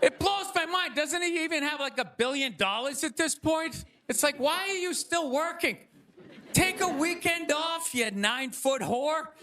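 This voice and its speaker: Comedian guy ranting onstage, pretty high voice, audience roaring, noisy live mic. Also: unhurried. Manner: animated, ranting, acts out quoted voices. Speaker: stand-up comedian. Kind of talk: stand-up monologue. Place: theater stage before a live audience. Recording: stage recording with crowd noise. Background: audience laughter.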